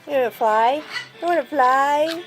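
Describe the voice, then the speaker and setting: A woman's voice: high-pitched, a little slow, faint music behind. A woman filming her pets at home, coaxing them in sing-song baby talk and asking a bird to talk. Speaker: pet owner and vlogger. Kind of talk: casual pet vlog.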